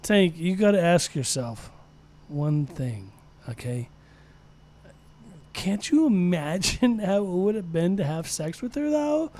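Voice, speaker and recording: Man, podcast co-host, high voice, curious, amused. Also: very animated, takes it slowly, dark tone. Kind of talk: casual banter.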